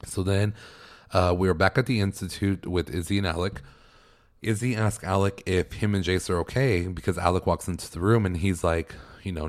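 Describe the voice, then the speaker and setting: A man with a notably low-pitched voice hosts a solo podcast recap. He talks casually and excitably, gushing and groaning, with many fillers and quick laughs. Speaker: podcast host.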